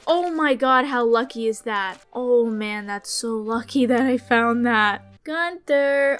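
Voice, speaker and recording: Young woman streamer, high-ish voice, chatty and dramatic, scolds game characters, gasps at loot. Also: unhurried, a bit bright, faint music behind. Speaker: gamer. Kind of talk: casual gameplay commentary.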